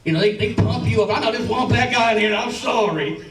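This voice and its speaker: A man's voice: high voice, fast, soft background music. A man with a Southern accent doing a stand-up set in a comedy club, rambling and stammering through restarts, swearing and chuckling at his own lines. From Alabama and Tennessee. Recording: roomy club sound, from a distance.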